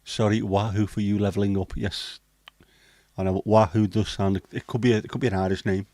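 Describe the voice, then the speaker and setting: A man's voice: lowish voice, level tone, a little fast, mellow, dry recording. A man from England hosting a livestream, reading out the chat with blunt, sweary banter. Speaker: livestream host. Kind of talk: casual live chat reading the chat.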